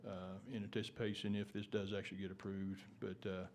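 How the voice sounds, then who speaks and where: A man's voice: deep voice, flat delivery, brisk, a little mellow, slight background noise. A man with a Texan accent giving public testimony at a town meeting, often restarting words and using formal legal phrasing. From Texas. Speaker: public commenter.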